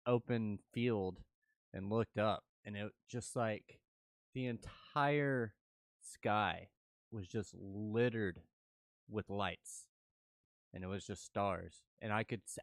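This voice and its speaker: A man on a casual call, telling a relaxed story and laughing easily. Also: mid-range voice, no echo, clean studio sound. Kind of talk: casual chat. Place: home, with kids in the house.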